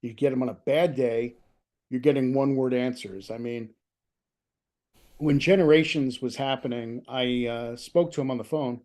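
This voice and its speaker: A man being interviewed about his book over a video call, telling lively anecdotes in a chatty, self-deprecating way. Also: mid-range voice, normal speed. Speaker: author, interview guest. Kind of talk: casual storytelling chat.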